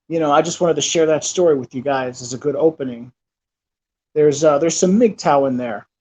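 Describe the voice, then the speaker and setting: Rambling man in his thirties, slightly high voice. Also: a little mellow. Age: 30s. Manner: rambling, full of fillers and restarts. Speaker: channel host. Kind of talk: casual storytelling. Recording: dull lo-fi recording.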